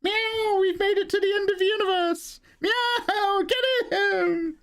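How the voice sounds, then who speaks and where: A man voicing a gleeful gang of cats in a squeaky, high meowing voice, for a joke on a live stream. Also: fairly even intonation, slow pace, fairly bright tone, heavily acted. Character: squeaky triumphant cartoonish cat gang.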